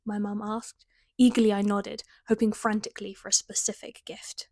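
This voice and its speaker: A young British woman reads her old teen novel aloud and mocks it in wry asides. Her voice sits at an ordinary middle pitch, and the sound is close and dry, with no room echo. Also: flat delivery, normal speed, a little mellow. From Britain. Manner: wry, self-mocking, laughing asides. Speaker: author reading her teen writing. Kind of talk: reading aloud with comic commentary.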